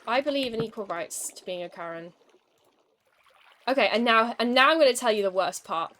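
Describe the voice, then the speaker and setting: A woman's voice: fairly high pitch, animated, brisk, background noise. A young woman streaming a game, chatting casually and telling an exasperated, wry story between moves. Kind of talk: casual gaming commentary with storytelling.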